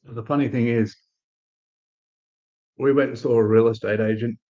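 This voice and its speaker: A man from Australia chatting casually on a live stream, telling a relaxed, rambling story with restarts and fillers. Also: medium pitch, moderate pace, phone-quality sound.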